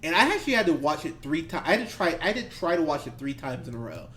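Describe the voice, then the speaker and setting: A man's voice: on the high side, very animated, fast, bright, forceful tone. A man co-hosting a movie podcast, ranting heatedly and profanely about bad films with bursts of laughter. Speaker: podcast co-host. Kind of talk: ranty movie review chat.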